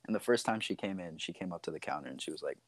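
A man's voice: deep voice, animated, rapid-fire, no room sound. A young American man, a podcast guest, telling stories in a laid-back casual chat. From United States.

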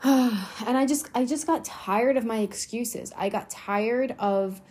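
A woman's voice: on the high side, takes it slowly, a little mellow, breathy edge. A young adult woman hosting a motivational solo podcast, talking bluntly and swearing freely for emphasis. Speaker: podcast host.

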